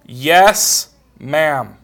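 Speaking very slowly with a fairly high, fairly bright voice and lively intonation, this middle-aged preacher shares ordinary stories in a plain, conversational way, repeating other people's words as dialogue.

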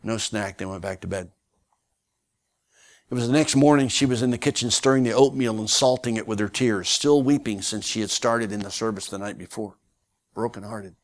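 A man preaching as a guest speaker, telling a story in a folksy, animated way with many fillers. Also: fairly low pitch, moderate pace. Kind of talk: sermon storytelling.

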